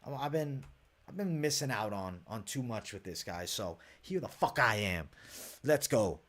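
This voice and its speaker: A man's voice: lowish voice, lively intonation, moderate pace, fairly bright tone. A young man hosting a late-night live stream, breaking down fight picks and betting odds in a brash, profane, hyped-up way while reading viewer comments aloud. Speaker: MMA livestream host.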